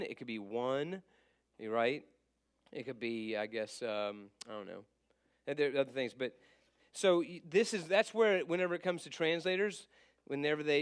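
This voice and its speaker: Casual male teacher, a touch high-pitched, rambles and self-corrects, drills letter sounds by repeating them. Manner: rambling, self-correcting, thinks aloud with many fillers. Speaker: church Bible class teacher.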